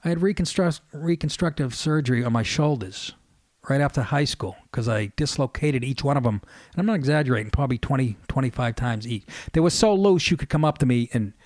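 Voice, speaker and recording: Fifty-something New radio host, profane storyteller, dry close mic. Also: male voice, medium pitch, fairly quick, a little mellow, no echo. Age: 50s. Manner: profane, storytelling, laughs mid-sentence. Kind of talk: casual monologue.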